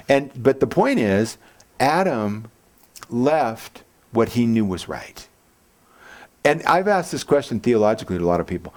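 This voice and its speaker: A man preaching a church sermon as pastor, casual and joking, acting out quotes in lively voices. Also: normal speed. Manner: animated, jokey, acts out quotes with big pitch jumps.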